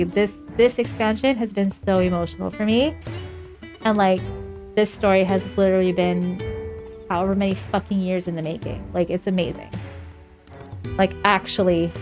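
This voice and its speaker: A young woman streaming a game live, chatting casually, sarcastic and swearing freely. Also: medium pitch.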